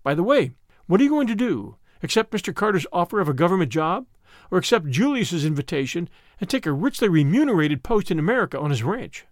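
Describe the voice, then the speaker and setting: A man's voice: sits high, big pitch swings, fast talker, no echo, clean studio sound. A man doing a chirpy, teasing young woman. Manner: bright, coaxing, teasing.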